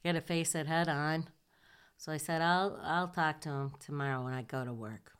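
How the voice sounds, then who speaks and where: A woman's voice: deep voice, normal speed, smooth. An older woman from Michigan recounting her time in the Navy, acting out past conversations with laughter. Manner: animated, acts out past dialogue with laughs. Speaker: Navy veteran telling her story. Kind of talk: personal storytelling.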